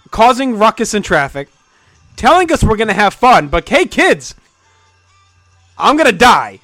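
Ranting, animated man with a dry sound. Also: high-pitched, dry recording. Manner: ranting, swearing, jokey. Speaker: podcast co-host. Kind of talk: casual comedic chat.

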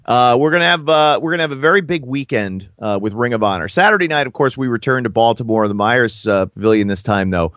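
A man co-hosting a podcast in a relaxed way, reacting with short remarks and laughs. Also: mid-range voice, fast, few pauses, no room sound, studio quality. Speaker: podcast co-host. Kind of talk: casual chat and show promo.

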